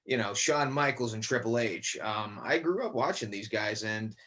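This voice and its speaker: A man's voice: fairly low pitch, animated, moderate pace, sharp tone. A man about twenty from Connecticut, a young actor chatting as a podcast guest, rambling with many fillers and restarts. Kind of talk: casual podcast interview.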